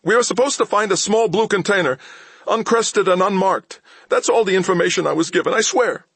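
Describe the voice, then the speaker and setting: A man putting on a scrawny thief in pain, pleading in a strained voice pushed far above his usual low register. The delivery is panicky and whining, close and dry like a studio audiobook. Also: fairly quick, a bit bright, slightly rough, dry recording, exaggerated voice. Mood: terrified pleading. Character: small frightened male thief, whimpering and pleading. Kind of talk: audiobook character voice.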